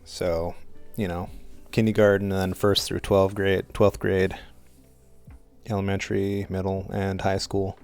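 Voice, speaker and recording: A man's voice: low voice, little pitch movement, measured pace, a little mellow, clear, resonant tone, soft background music. A man telling a rambling story on a live stream while he paints, hesitant and self-conscious, with a dry throat.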